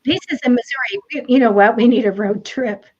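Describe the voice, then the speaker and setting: A woman's voice: a little high, fairly quick, slightly rough, lo-fi sound. A woman co-hosting a live psychic show, talking in a chatty, rambling way and laughing often. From United States. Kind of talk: casual chat.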